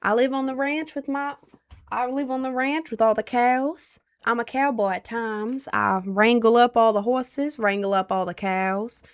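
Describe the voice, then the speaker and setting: A woman playing a cowboy man on a ranch, with a put-on Southern accent and a slow, folksy drawl. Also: a little high, clean tone.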